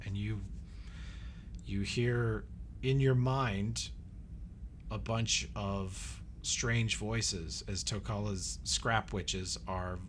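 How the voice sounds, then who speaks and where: A man's voice: on the low side, steady tone, drawn-out words, fairly bright tone, slight background noise. A man narrating as game master of a tabletop game, describing the scene in vivid detail.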